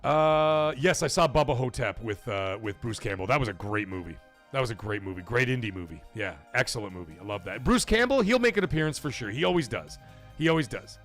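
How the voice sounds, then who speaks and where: Rambling, animated Canadian stream host. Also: male voice, brisk, soft background music. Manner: rambling and animated, swears freely, energy swings between high and low. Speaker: livestream podcast host. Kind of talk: casual livestream chat, reading out viewer messages.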